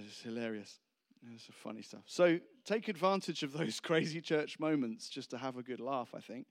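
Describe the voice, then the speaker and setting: A man's voice: medium pitch, lively intonation, normal speed. A man preaching a casual, humorous sermon, rambling and self-deprecating between anecdotes.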